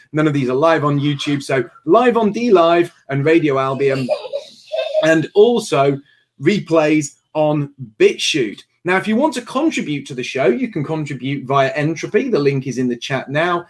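A man hosting a livestream show, making earnest announcements and chuckling now and then. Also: a little high.

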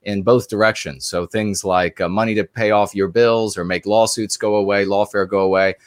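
A man's voice: fairly low pitch, fairly even intonation, normal speed, no room sound. A man co-hosting a livestream and giving a long spoken commentary. He talks earnestly, often restarting and repeating phrases. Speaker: livestream co-host.

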